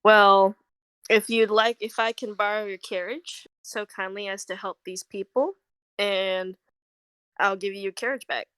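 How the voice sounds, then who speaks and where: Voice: medium pitch, fairly even intonation, a little slow, a bit bright, clear, resonant tone, no echo, lightly acted, rough recording. A woman voicing Leon, a polite man who travels a lot, speaking earnestly in a tabletop game.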